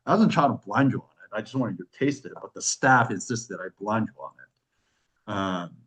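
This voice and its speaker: Animated man telling a rambling story. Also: normal speed, poor audio. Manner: animated, swears, acts out quoted voices with big pitch jumps. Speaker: wine club host. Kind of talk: casual storytelling.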